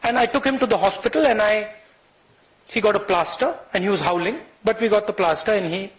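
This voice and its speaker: A man with an Indian English accent addresses a hall of students. His voice sits high for a man. He tells a story earnestly, often restarting phrases and acting out the people in it. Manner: earnest, halting delivery with restarts and quoted dialogue. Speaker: guest speaker addressing college students. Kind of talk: public speech, personal storytelling.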